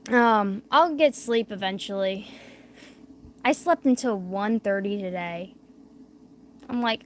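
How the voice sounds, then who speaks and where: A woman's voice: medium pitch, a little slow, a little hiss or hum. Young woman rambling late at night. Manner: rambling, filler-heavy, drifting quiet. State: talking with a barely opened mouth after wisdom teeth surgery. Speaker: livestreamer. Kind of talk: late-night casual chat.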